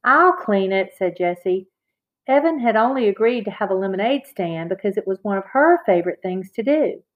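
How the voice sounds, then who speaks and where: A woman narrating a children's chapter book aloud in a clear, expressive read-aloud manner. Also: medium pitch, brisk. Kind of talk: children's audiobook reading. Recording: slightly dull, lo-fi recording.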